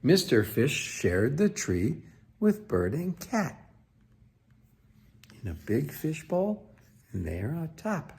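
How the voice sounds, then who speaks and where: A man reading a children's picture book aloud, expressive and playful, with sound effects. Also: fairly high pitch, slow pace, long pauses. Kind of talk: storybook read-aloud.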